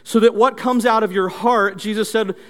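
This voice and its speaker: A male pastor giving an interactive sermon through animated storytelling, leading the audience in call-and-response drills. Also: sits high, moderate pace. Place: church. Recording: long church reverb.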